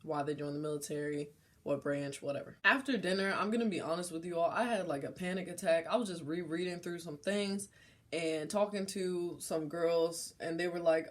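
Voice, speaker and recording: A young adult woman vlogger telling a personal story in a casual, slangy, animated way. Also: fairly low pitch, brisk.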